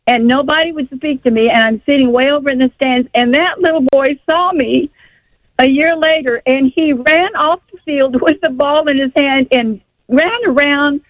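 A woman's voice: high-pitched, normal speed, no room sound. An older woman calling in to a radio show, telling her story in a rambling way full of restarts and rising emotion. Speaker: radio call-in caller. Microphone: phone line. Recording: dull, dry phone-line caller audio.

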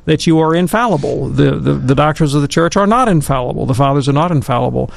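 A man's voice: a little high, fast talker, vocal fry. A middle-aged man, a Catholic commentator, telling a childhood story with acted-out quotes and then discussing scripture in a casual talk. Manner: animated storyteller who acts out quotes.

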